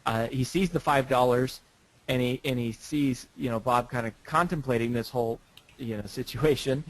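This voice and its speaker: A man's voice: mid-range voice, moderate pace, low-quality recording. A man who is a guest author, talking casually and telling stories, often repeating words as he starts a sentence. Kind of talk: casual interview talk.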